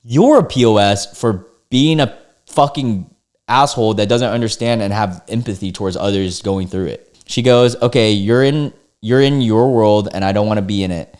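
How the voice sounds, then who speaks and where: A man's voice: fairly low pitch, moderate pace, darkish tone. A young man reading forum posts aloud and reacting in casual commentary, blunt and exasperated, swearing freely in his asides. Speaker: online video host reading forum posts.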